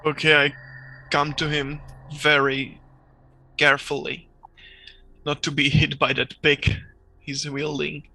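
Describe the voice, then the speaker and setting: Gravelly, bright-voiced male player. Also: on the high side, monotone. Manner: halting, non-native phrasing. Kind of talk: casual tabletop play.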